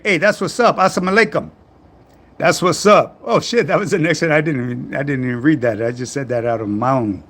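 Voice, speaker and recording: A man's voice: a little high, fairly bright tone. A middle-aged man, hosting a casual fitness livestream, reading viewer comments in a laid-back manner full of street slang. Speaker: fitness coach livestream host.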